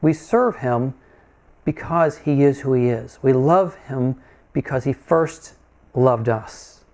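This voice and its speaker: A man's voice: medium pitch, lively intonation, takes it slowly, a little mellow. A man preaching a sermon in a conversational, folksy way, often asking his listeners questions.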